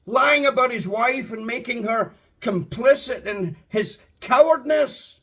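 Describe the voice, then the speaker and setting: A man preaching a sermon with passion, drawing out key words for emphasis and building up to shouts. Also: extremely high pitch, husky. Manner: impassioned, rising to shouts; slow, drawn-out emphasis.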